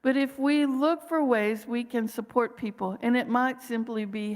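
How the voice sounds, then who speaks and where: Woman minister preaching in a reverberant hall. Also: on the high side. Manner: gentle, slow guiding pauses with breathing cues. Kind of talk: sermon.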